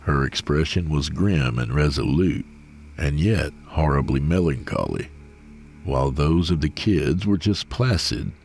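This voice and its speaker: A man reading a horror story aloud in a slow, measured, grim delivery. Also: a bass voice, animated, gravelly, darkish tone, faint music behind. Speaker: narrator.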